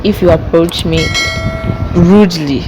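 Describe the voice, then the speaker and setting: A woman's voice: lowish voice, a little slow. A woman answering a street interviewer in an easygoing way, explaining with her own examples. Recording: noisy outdoor street.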